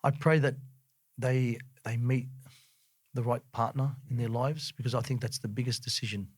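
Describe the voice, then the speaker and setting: A man's voice: medium pitch, moderate pace, slightly rough. Earnest Australian father telling a story. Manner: earnest, gets more animated when retelling scenes. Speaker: guest. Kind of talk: heartfelt personal storytelling.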